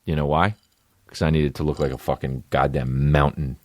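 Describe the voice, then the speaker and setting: Very deep male comedian, podcast host, profane rambling monologue, dry close mic. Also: level tone, fairly quick, darkish tone, dry recording. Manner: profane, rambling storytelling with exaggerated quoted voices.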